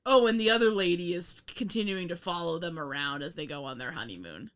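A woman's voice: fairly low pitch, expressive, brisk, a bit bright. A young woman co-hosting a casual film review chat, rambling, laughing often and swearing with sarcastic asides. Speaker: podcast co-host.

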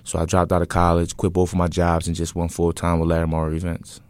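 A man's voice: low voice, fast talker, no room sound. A young man, talking casually as an interview guest and telling his story with lots of fillers. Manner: relaxed, rambling storytelling with many fillers. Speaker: interview guest, event business owner.

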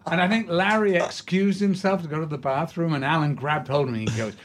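An older man, an actor being interviewed, telling stories in a rambling, halting way with many restarts. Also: on the high side, slight background noise. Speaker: actor, guest. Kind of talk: anecdotal storytelling in an interview.

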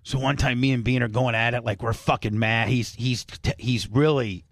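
A man hosting a radio show, telling stories in a rambling, profane, casual way and loudly acting out the voices of others. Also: mid-range voice, fairly even intonation, moderate pace, dry recording, clean studio sound. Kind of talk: casual storytelling chat.

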